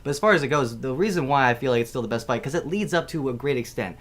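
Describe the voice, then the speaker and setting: A man's voice: mid-range voice, animated, very fast. A man arguing his pick on a casual panel, rambling and repeating phrases as he builds his case.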